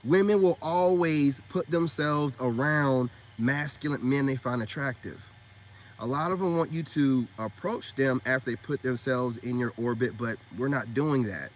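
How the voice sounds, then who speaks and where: A man's voice: medium pitch, a little slow, slight background noise. A man in a casual, scolding rant to his viewers, emphatic and slangy, often repeating himself for emphasis. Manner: slangy, calls listeners man and bro. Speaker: self-styled spiritual dating coach.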